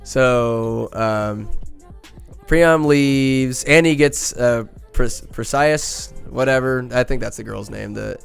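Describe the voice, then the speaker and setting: A man's voice: mid-range voice, takes it slowly, vocal fry, smooth, soft background music. Crude rambling male podcast host. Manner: crude, joking, rambling with many fillers. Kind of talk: casual comic movie recap.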